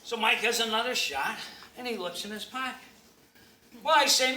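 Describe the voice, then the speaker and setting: Man in his 70s, ventriloquist comic, high voice, echoey club, loud audience noise. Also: normal speed, pauses often, distant mic. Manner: plays the scolding straight man, then folksy storytelling. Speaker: ventriloquist comedian. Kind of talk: stand-up comedy act. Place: comedy club stage.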